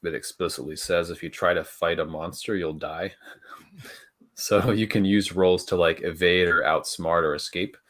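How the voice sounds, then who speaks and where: A man's voice: sits low, fairly even intonation, moderate pace, a bit bright. A man narrating a tabletop role-playing game as game master, searching for words with many restarts and fillers.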